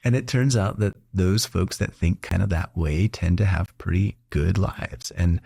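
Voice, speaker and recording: A middle-aged man with a deep, gravelly voice and a touch of husky rasp hosts a relaxed interview. He tells stories warmly and animatedly, laughing and putting on voices for the people he quotes. The sound is close and dry. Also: measured pace, no echo. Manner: animated storyteller who laughs often and acts out quotes. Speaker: doctor and podcast host. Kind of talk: casual conversational interview.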